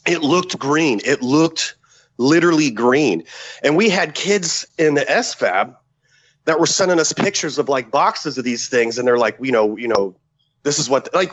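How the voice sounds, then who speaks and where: A former special forces man tells a story as a podcast guest, cursing freely and animated as he acts out what people said. His voice sits at an ordinary middle pitch. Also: rough recording. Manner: profane, animated, acts out quotes. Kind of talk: casual storytelling.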